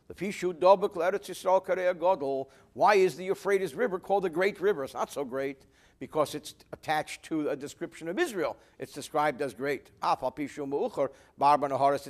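Man, older rabbi, text lesson, expressive swings in loudness, slightly high voice. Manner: expressive, rising and dropping in pitch and volume. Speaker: rabbi teaching scripture. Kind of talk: line-by-line text lesson, Hebrew read then translated.

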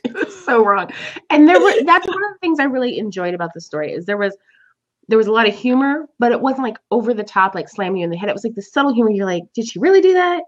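A woman's voice: on the high side, fast talker. A woman talks through a book on a casual podcast, her voice swooping up and down as she laughs and acts out her own reactions. The sound is a little dull, like lo-fi podcast audio. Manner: laughs often, animated storytelling. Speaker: podcast host.

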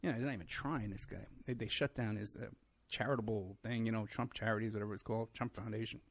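A man's voice: on the low side, steady tone, fast. A middle-aged man hosting his own show, delivering a rambling, sarcastic solo monologue and laughing at his own points. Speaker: show host.

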